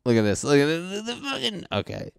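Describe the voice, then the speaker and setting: A young man reacting to a dating show clip in crude, excitable commentary, often swearing and acting out what people are thinking. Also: a little high, fast talker, creaky, clear, resonant tone, no room sound, studio quality. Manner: excitable, swearing, mock-narrating others' thoughts.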